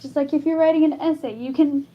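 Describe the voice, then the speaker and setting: High-voiced woman explaining slowly, lo-fi. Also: steady tone. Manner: halting, explains with many fillers and restarts. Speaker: singer teaching vocal improvisation. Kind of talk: casual live-stream singing lesson.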